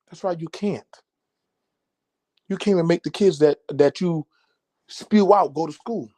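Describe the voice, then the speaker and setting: A man hosting a podcast, ranting loudly in a profane, mocking monologue with an American accent. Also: fairly high pitch, unhurried, pauses often. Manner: loud, animated, cursing, mocking. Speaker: podcast host.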